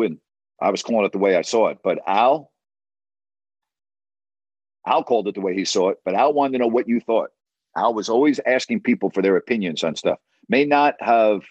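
Blunt, emphatic lower-voiced man. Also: darkish tone, dry recording, highs cut off. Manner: blunt, emphatic, repeats words for stress. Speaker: sports broadcaster. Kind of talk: storytelling monologue.

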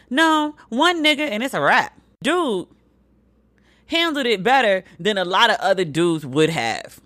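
A woman hosts a solo commentary podcast. She is blunt and profane, and her voice jumps high when she makes a point. The sound is dry and close to the mic. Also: unhurried, no echo. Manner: animated, swings pitch high for emphasis. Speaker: podcast host.

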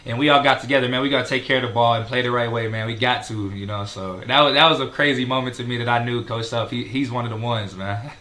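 Relaxed young man, casual talk. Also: mid-range voice, fast, few pauses. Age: young adult. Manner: relaxed, many fillers like um and man. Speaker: college basketball player guest.

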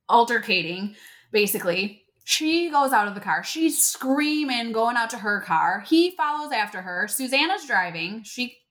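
A woman co-hosting a podcast, telling a story in a casual, animated way and acting out what people said. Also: fairly high pitch. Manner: animated, acts out quotes in character voices. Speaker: podcast co-host.

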